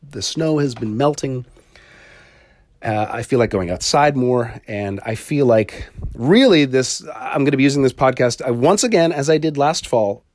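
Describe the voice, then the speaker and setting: A man's voice: medium pitch, expressive, normal speed, a little mellow, no room sound. A middle-aged man hosting his solo podcast, talking casually with sarcasm, frequent swearing and laughs at his own jokes. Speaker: podcast host. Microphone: studio mic.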